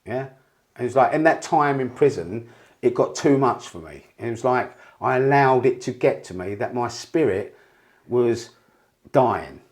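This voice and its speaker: Animated and moderately paced, this man has a mid-range voice. He's a podcast guest in a candid interview, telling rambling stories packed with swearing and restarts.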